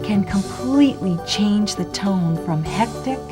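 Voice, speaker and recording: A middle-aged woman explains her parenting ideas to camera in a calm, measured way. She speaks very slowly. Guitar music plays clearly underneath her. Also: mid-range voice. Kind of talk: interview to camera.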